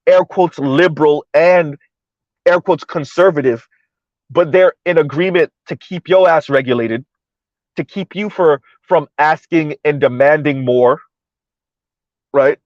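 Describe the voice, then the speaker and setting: A man's voice: on the high side, a little slow, no echo, muffled recording. A man hosting a livestream of political commentary, talking emphatically and checking in with the audience by asking "right?" again and again. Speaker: livestream host.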